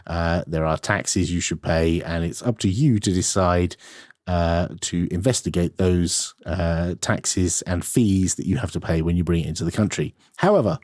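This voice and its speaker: A man's voice: deep voice, a little mellow, no echo, clean studio sound. A man co-hosting a casual tech podcast, explaining things in a matter-of-fact way with plenty of ums and uhs and reading out listener mail. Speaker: podcast co-host.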